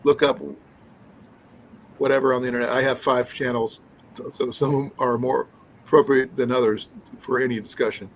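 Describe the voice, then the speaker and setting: A man hosting a relaxed live stream and chatting at an ordinary pitch. He rambles along, often stopping on fillers and restarting his sentences, with a faint hum of noise behind him. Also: normal speed, poor audio. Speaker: livestream host. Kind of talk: casual live-stream chat.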